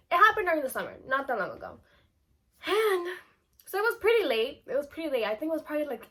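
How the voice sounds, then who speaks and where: Young woman, high voice, bright tone, casual storytime vlog, chatty, lots of "like". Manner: chatty, animated, filler-heavy with lots of "like". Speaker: vlogger.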